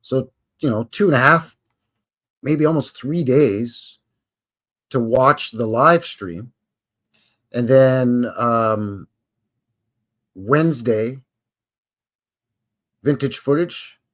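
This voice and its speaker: A man's voice: medium pitch, very slow, long pauses, a bit bright. A man in his fifties hosting a casual live stream from home, chatting to viewers in a folksy, rambling way. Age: 50s.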